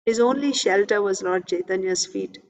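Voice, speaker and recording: A woman reading a devotional text aloud and pausing to explain it in her own words, with earnest emphasis. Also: mid-range voice, big-room sound, rough recording. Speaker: scripture reader and teacher. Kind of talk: reading scripture aloud with commentary.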